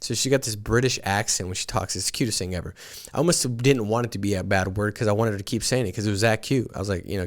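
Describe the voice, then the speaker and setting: A podcast host who leads a sales team talks quickly in a lowish voice on his morning show. He shares stories in an earnest motivational style and often starts over with repeated words.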